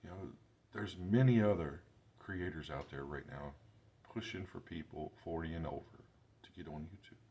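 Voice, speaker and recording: A man's voice: deep voice, a little mellow. A man in his forties with grandchildren, talking casually and rambling to camera in his workshop vlog, with loose, self-deprecating grammar. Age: 40s. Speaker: YouTube creator.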